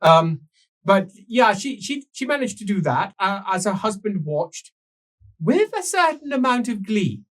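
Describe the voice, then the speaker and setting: A man's voice: sits high, sing-song, a little slow, fairly bright tone. A man telling his character's story in an improvised tabletop game, rambling with many fillers and restarts.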